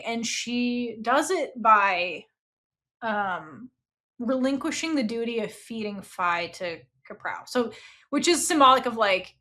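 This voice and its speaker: A woman hosting a book club podcast, retelling a novel in casual chat full of "like" and "okay?". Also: fairly high pitch. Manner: animated, frequent "like" and "okay?".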